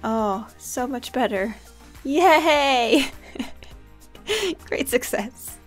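A woman's voice: sits high, lively intonation, extremely slow, faint music behind. A woman hosting a casual gaming video, giggling often and bossing her co-player around in an upbeat way. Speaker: gaming channel host. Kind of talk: casual gameplay chat.

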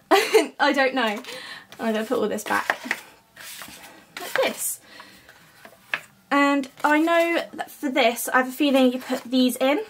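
A young woman with a high voice talks through an unboxing at home in a loose, chatty way. She giggles often between her lines. A faint hiss sits under the camera-mic recording. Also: measured pace, pauses often. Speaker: vlogger. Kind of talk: casual unboxing chat. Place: at home, indoors.

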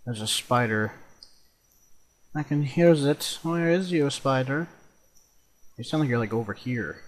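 A young man casually commenting on his own gameplay, chatty and quick to swear and exclaim. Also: mid-range voice, a little hiss or hum. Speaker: let's play host.

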